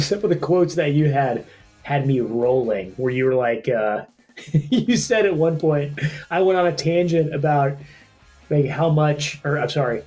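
A man's voice: on the high side, a little mellow. A man co-hosting a casual comedy podcast, rambling with restarts and laughing often. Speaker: podcast co-host and editor.

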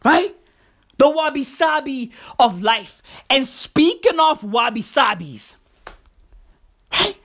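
A woman hosts a freestyle comedy podcast monologue, rambling and profane and tossing slang at the listener. Her voice sits high and swings widely in pitch. She talks at an unhurried pace. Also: sing-song, a bit bright. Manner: rambling, profane, repeats slang address "bruv". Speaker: podcast host.

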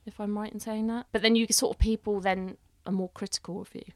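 A woman's voice: medium pitch, quick pace, no echo. A young adult woman, a head chef, chatting casually and telling stories with acted-out quotes and the odd swear word. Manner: animated storyteller acting out quotes, swears freely. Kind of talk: casual podcast chat.

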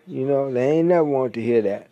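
A man delivering an angry, profane monologue as a podcaster, blunt and mocking, leaning hard on drawn-out words. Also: mid-range voice, warm tone, no room sound, dull audio.

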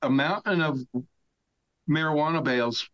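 A man in his sixties, a podcast guest, telling a long story in a casual, animated way. He swears freely and shouts out the lines he quotes. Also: a little high, normal speed, clean tone, lo-fi sound.

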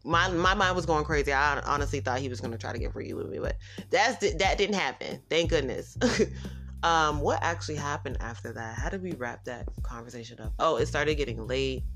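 A woman's voice: low-pitched, fairly quick. A woman hosting her own podcast, telling a story in a casual, profane and sassy way, laughing often and acting out what people said. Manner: animated, laughing often, acting out quotes in other voices; profane, sassy, addresses listeners as y'all. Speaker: podcast host.

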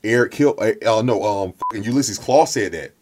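A man's voice: on the low side, brisk, background noise. A man co-hosting a podcast, arguing passionately and profanely in casual debate. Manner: passionate, profane, builds to loud outbursts. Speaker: podcast co-host.

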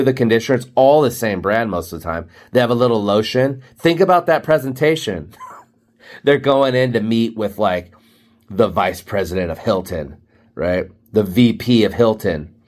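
A man's voice: medium pitch, expressive, a little slow. A man hosting a podcast, rambling casually and joking between thoughts. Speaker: podcast host. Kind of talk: casual monologue.

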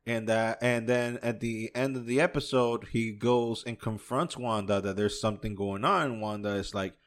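A man's voice: fairly low pitch, fairly even intonation, normal speed. A man from New York hosting a casual solo podcast, reviewing a show in a rambling, profane way and often chuckling to himself. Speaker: podcast host.

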